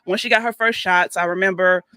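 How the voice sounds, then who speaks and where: A woman telling a story in casual group chat, with an animated, apologetic manner. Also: fairly low pitch, a little fast, smooth, dry recording, studio quality. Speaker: guest.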